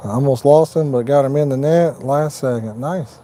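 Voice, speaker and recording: With slight background noise, a man from Indiana, United States, chats casually with viewers by name while hosting a fishing live stream from his parked truck at night. He speaks at medium pitch and normal speed in a warm tone, with a folksy, easygoing manner.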